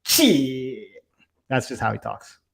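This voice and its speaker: In this clip, a young male co-host of a fight watch-along talks at a moderate pace in a medium-pitched voice. His casual live fight commentary is loose and profane, full of swearing and filler words.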